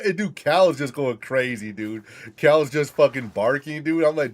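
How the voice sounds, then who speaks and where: A man's voice: on the high side, expressive, moderate pace. A young man casually telling a rambling, profane story while gaming, laughing often and restarting his sentences. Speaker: gamer streaming with friends.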